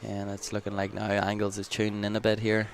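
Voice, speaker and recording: A man's voice: lowish voice, completely flat delivery, a little fast. An Irish man giving casual live pool commentary with teasing, wry banter.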